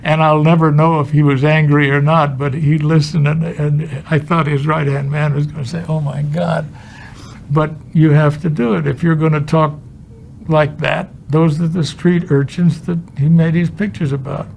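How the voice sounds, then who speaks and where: An older man from Chicago, a film director, telling humorous, salty anecdotes in an interview with a gravelly voice. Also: a little high, flat delivery, normal speed, a little mellow, a little hiss or hum. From Chicago, USA. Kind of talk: anecdotal storytelling.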